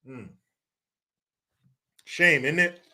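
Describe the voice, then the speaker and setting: A man's voice: a little high, extremely slow, bright, forceful tone. A man hosting his own show, ranting through sarcastic, profane political commentary full of mockery. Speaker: show host.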